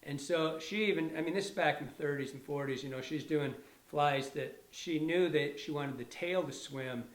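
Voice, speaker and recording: A man's voice: on the high side, moderate pace, roomy sound. Rambling man demonstrating fly tying. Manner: rambling, self-correcting, enthusiastic. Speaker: fly tier, instructor. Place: fly shop tying bench.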